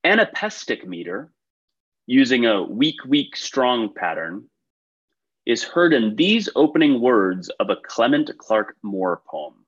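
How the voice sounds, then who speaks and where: A man's voice: mid-range voice, sing-song, slow pace, husky, lo-fi sound. A man hosting a trivia quiz over a video call, reading questions and tossing in chatty, upbeat asides between them. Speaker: quiz show host.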